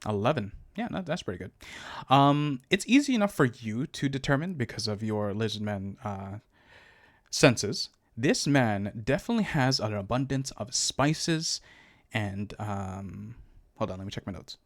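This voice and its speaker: A man narrating as game master of a tabletop game, relaxed and halting, with many fillers. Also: fairly low pitch, dry recording, clean studio sound.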